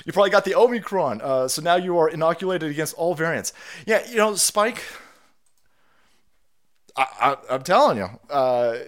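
A man hosts a casual livestream, stuffy-nosed from a cold and a bit winded, rambling in a sarcastic, profane way. His voice is on the high side and a bit bright, with lively intonation, normal speed, and frequent pauses.

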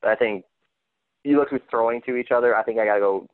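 A man's voice: mid-range voice, fast, dry recording. A man appearing as a guest on a sports podcast, hedging and thinking aloud over a phone-like line. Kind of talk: casual sports chat. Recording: dry tinny phone line.

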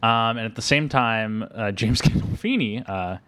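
A man's voice: lowish voice, normal speed, fairly bright tone, clean tone. A young man chatting casually as a podcast co-host about a movie, rambling with many fillers and laughing often. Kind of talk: casual movie-review chat.

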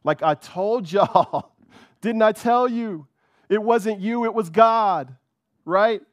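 A man's voice: sits high, slow, no room sound, studio quality. A man preaching a sermon with fervor, repeating words and often checking in with "right?". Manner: fervent, repeats words, keeps asking "right?".

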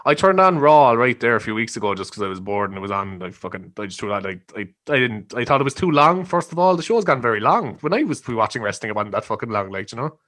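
A young Irish man from Cork, chatting loosely as a podcast host. He rambles and swears freely, tossing in "you know" and "like" all through. His pitch sits in the middle for a man. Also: very animated, quick pace, few pauses, fairly bright tone. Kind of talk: casual chat.

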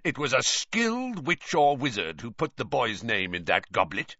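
A man's voice: big pitch swings, moderate pace, bright, forceful tone, no room sound, exaggerated voice. Brief: man as a growling paranoid old wizard, dry dull sound. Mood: menacing. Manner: growling, low and menacing. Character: gruff suspicious old male auror, menacing. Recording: dull, slightly lo-fi.

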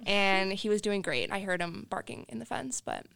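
A young college woman co-hosting a casual podcast, smooth and clear in tone. She tells stories with animated energy and leans on "like" as filler. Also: mid-range voice, normal speed. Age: young adult. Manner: animated storyteller with lots of "like" fillers. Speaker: podcast co-host. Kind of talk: casual chat.

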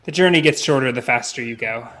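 A man voicing a stiffly formal, pompous young mage in a tabletop game, lifting his pitch. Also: fast, sharp tone, close to an everyday voice.

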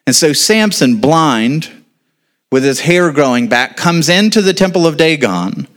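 A man's voice: a little high, big pitch swings, unhurried, a bit bright. A male pastor preaching to a congregation in a casual style, quizzing his listeners and then answering his own questions. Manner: asks the audience questions, then answers them; informal, with casual asides. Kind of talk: sermon.

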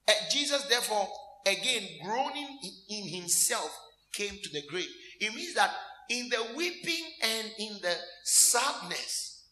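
A man's voice: high-pitched, roomy sound. A man preaching a sermon as a minister, asking the congregation questions and acting out scenes with laughter and mock crying. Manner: animated, asks the congregation call-and-response questions.

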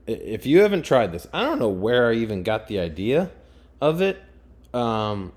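Rambling, excitable young man, low voice. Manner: rambling and excitable, with frequent fillers. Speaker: podcast host. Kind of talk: casual chat.

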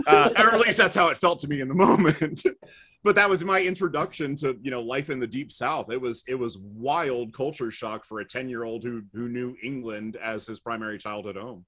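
A middle-aged man on a podcast, telling stories from his own life in a relaxed, wry voice. He makes fun of himself and shrugs off the hard parts with dry humor. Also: medium pitch, brisk. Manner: wry, self-deprecating storyteller. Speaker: podcast guest. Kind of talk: casual conversational storytelling.

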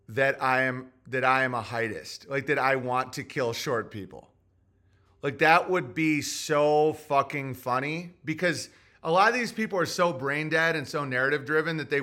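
A man's voice: medium pitch, sharp tone. A man hosting a podcast, ranting casually in a profane, provocative, rambling way. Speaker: podcast host. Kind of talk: casual comic rant.

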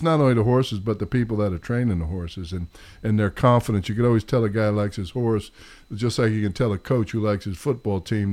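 Rambling New York host. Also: male voice, medium pitch, a little mellow. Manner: rambling, self-mocking. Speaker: podcast host. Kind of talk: casual sports chat.

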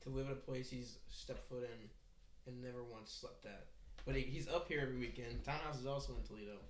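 A man's voice: mid-range voice, fairly quick, echoey room, slight background noise. A young man hosting a casual podcast, teasing his friend with mock interviewer questions. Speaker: podcast host. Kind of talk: casual chat.

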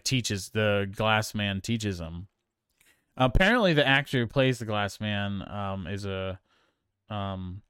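A man talking through a film in a relaxed, meandering way, full of "um"s and restarts. His voice is smooth and clear, recorded close and dry with no room around it. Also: lowish voice, dry recording. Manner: rambling, many fillers and restarts. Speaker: podcast co-host. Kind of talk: casual film review chat.

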